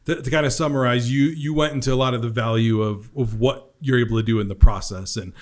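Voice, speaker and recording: Male podcast host, mid pitch, conversational sales coach. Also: fairly even intonation, fast talker. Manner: conversational, restates points for the audience. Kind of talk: coaching review of a recorded sales call.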